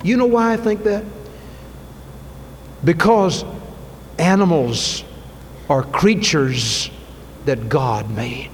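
Fervent preacher with echoing hall sound. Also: male voice, a little high, takes it slowly, long pauses. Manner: swings from soft and intimate to loud fervent shouting. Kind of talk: sermon. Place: church sanctuary. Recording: long reverb, faint ambient noise.

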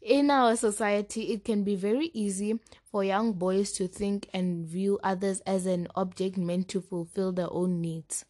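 Woman, young adult, casual podcast co-host, reads notes aloud, quick to laugh, mid pitch. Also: fairly even intonation, a little mellow. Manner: reads list points aloud, laughs easily. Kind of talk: casual chat.

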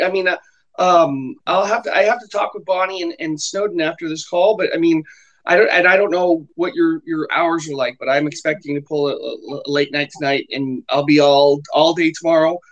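A high-pitched man hosts a casual online group call, stumbling and repeating words as he explains. His voice sounds worn after a recent illness. He talks through a computer mic on the call. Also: dull audio. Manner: halting, repeats words, offers help eagerly. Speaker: host.

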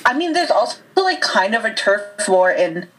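Quick, agreeable woman in movie chat. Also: mid-range voice, sing-song, fairly bright tone, a little hiss or hum, rough recording. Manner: quick, agreeable, brief interjections. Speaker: podcast co-host. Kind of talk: casual chat reviewing a movie.

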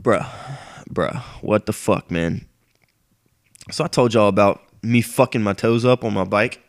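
Young man, sick and sniffly, low-ish voice, profane rambling solo rant host. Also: unhurried. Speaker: podcast host.

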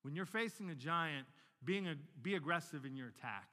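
A man's voice: a little high, animated, fairly quick, pushed and bright, big-room sound. A pastor in his forties, telling stories animatedly in a sermon and often repeating words as he restarts a sentence. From Northern Virginia, United States.

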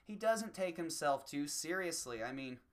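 A comedian delivering a profane, rambling, self-mocking solo rant that swings between low mutters and loud bursts. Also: animated, moderate pace.

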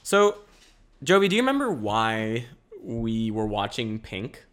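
A man's voice: lowish voice, very animated, measured pace, a bit bright, clear, resonant tone. A young man hosting a casual solo podcast from home, rambling with restarts and swearing. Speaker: podcast host. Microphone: camera mic.

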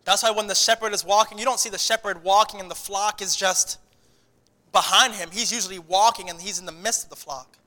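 A man preaching a sermon in a church, animated and often restarting his sentences. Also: sits high, brisk, long reverb tail. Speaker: pastor.

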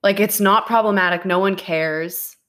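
A young woman hosting a podcast in casual, playful chat, sitting on the floor at home with rough home-made audio. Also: mid-range voice, steady tone, normal speed, fairly bright tone. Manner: giggly, playful, chatty. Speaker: podcast host.

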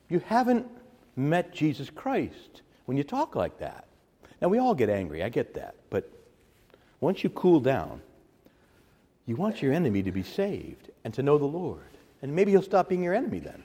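A man preaching a teaching sermon as a priest, animated, acting out quotes with sudden loud, high bursts. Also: moderate pace, husky, in a large hall.

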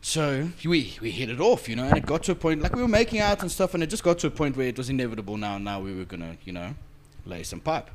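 A man hosting a casual podcast, telling a story in an animated way and swearing freely. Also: mid-range voice, fast talker, hardly any pauses, slight background noise. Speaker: podcast host.

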